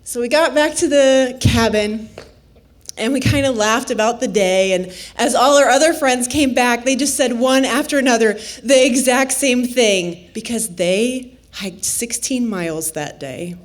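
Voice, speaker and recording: Storyteller: woman from Nebraska, playful, laughs a lot, takes her time. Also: fairly high pitch. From Nebraska, USA. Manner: unhurried, playful, laughs often. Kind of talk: live personal storytelling.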